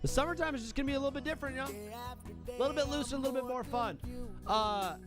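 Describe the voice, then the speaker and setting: A man's voice: very high-pitched, fast, over music. A young man hosting a live sports stream, talking in a brash, joking, fired-up patriotic banter. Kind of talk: casual live-stream chat.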